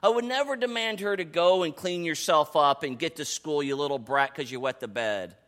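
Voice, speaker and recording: A man in his thirties preaching a sermon in a conversational, animated way, dropping to soft asides and rising to excited calls. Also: fairly high pitch, normal speed. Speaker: pastor.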